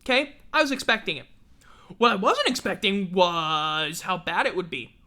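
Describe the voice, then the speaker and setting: A woman's voice: mid-range voice, expressive, moderate pace, bright, forceful tone. A woman hosting a casual livestream sports show, ranting in an exasperated, profane way. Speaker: sports talk show host.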